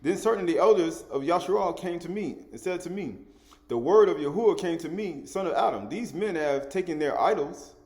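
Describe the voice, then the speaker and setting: A man preaching a sermon, teaching in an animated way, repeating and restating his words and chuckling as he goes. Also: on the high side, fairly quick.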